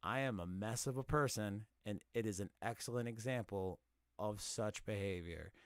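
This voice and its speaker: A man hosting a casual podcast live stream, rapping a long name list fast and swearing as he jokes about himself. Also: lowish voice, no room sound, studio quality. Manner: rapid rhythmic list rapping, swearing, self-mocking. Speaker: podcast host.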